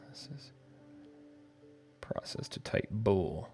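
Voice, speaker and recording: Slow, gravelly-voiced male streamer, live-coding and thinking aloud; typing and faint music in the background. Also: on the low side, animated. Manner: muttering to himself while typing code. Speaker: developer livestream host. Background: keyboard typing, faint music.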